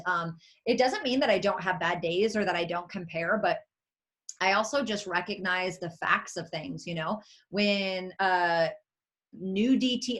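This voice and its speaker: An animated woman giving a motivational talk on a video call, emphatic, acting out little quotes and laughing as she goes. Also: mid-range voice. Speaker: network marketing leader speaking as a guest.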